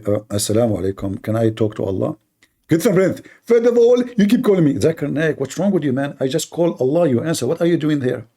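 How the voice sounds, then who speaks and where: A man hosts a live online debate, arguing sarcastically and combatively. His voice is medium-pitched, gravelly and husky, with a dark tone.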